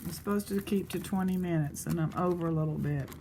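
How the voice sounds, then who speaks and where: A woman's voice: on the low side, fast talker, background noise. A woman vlogger chatting casually, rambling between stories as she prices jewelry pieces. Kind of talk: casual chat.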